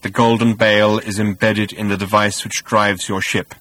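A man voicing an ancient killer robot in a storybook reading, cold and sleek with a cultured rasp. It speaks slowly and flatly in a low, husky voice, recorded dry and close. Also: dry recording, poor audio. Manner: flat, slow, patient, deadpan.

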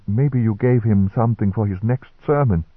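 A man voicing a kindly, teasing female nurse with a gentle manner. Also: fairly low pitch, moderate pace, slightly rough, dry recording. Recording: dry, tinny narrow-band recording.

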